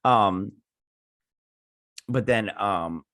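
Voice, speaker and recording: Guy with a lowish voice rambling thru a tv recap, dry close sound. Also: extremely slow, a bit bright, no room sound. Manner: rambling, quotes characters with "he's like"; offhand joking asides. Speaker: host reviewing a TV episode. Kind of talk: casual episode recap.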